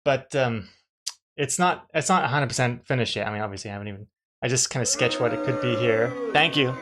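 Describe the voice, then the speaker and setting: A man's voice: medium pitch, a little fast, music in the background. A man, a comic artist, chatting casually to his live-stream viewers while drawing, rambling and restarting his sentences with dry jokes.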